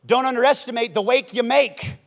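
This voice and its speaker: A man preaching a sermon, swinging from loud emphatic lines to hushed ones. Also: very high voice, fairly quick, creaky. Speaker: pastor. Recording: long hall reverb.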